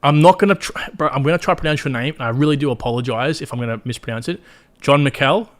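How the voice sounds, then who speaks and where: A man's voice: mid-range voice, rapid-fire. A man with an Australian accent hosting a live stream, talking casually and bluntly to his viewers with plenty of swearing. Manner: chatty, blunt and profane, talks straight to viewers. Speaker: crypto livestream host. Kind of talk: casual livestream commentary.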